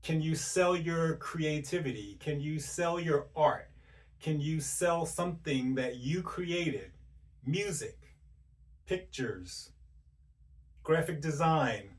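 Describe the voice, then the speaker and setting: A man giving a motivational self-help talk, speaking directly to the listener in rapid strings of rhetorical questions. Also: a little high, distant mic. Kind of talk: motivational monologue.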